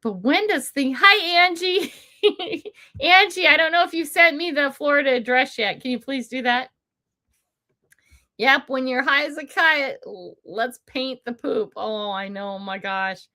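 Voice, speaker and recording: Bright, laughing older woman chatting. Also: high voice, unhurried. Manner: chatty, laughs often while telling stories; blunt and indignant. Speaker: livestream host. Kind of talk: casual livestream chat.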